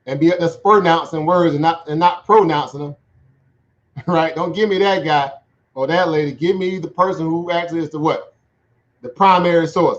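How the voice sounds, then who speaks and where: A man's voice: a little high, fairly even intonation, moderate pace. A man giving casual livestream commentary on the markets in a chatty way, laughing often and checking in with "right?". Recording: dull lo-fi sound.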